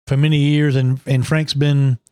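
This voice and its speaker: A man's voice: mid-range voice, level tone, moderate pace, darkish tone, clean tone, dry recording. A man, co-hosting a casual podcast with dry, teasing remarks. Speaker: podcast co-host.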